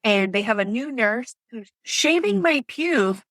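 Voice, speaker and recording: A woman's voice: fairly high pitch, expressive, a little slow, fairly bright tone, no room sound, poor audio. Chatty woman telling her story, dry sound. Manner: laughs often, acts out others' words; chatty, lots of fillers. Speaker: podcast guest telling her birth story. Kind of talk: casual storytelling.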